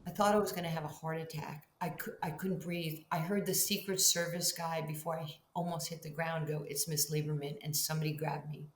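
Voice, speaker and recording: A middle-aged woman with a fairly low voice tells a story as an interview guest, acting out the back-and-forth of each conversation. She sounds roomy and a little distant, with a faint hum underneath. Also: fairly quick, hardly any pauses. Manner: animated storyteller who acts out both sides of conversations. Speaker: guest, Hall of Fame basketball player.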